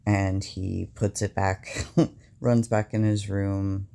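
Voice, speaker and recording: Young man, low gravelly voice, slow, halting storytelling, lots of fillers. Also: level tone, dark tone. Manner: halting, many fillers, recounting a stressful event. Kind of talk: casual personal storytelling.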